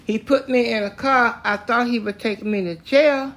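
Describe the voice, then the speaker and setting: An older man from Tennessee, slowly and plainly recounting a story from his own life. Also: very high voice, steady tone, fairly bright tone. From Tennessee, US South. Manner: slow, plainspoken, matter-of-fact telling. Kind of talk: spoken personal story.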